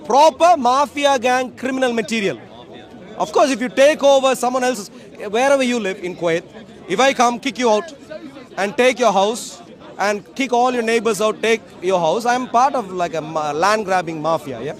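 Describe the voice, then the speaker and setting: A man's voice: very high-pitched, normal speed, some chatter behind. A man speaking as a street speaker in an outdoor park, debating passersby in an emphatic, repetitive, lecturing way. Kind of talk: open-air debate speech to passersby.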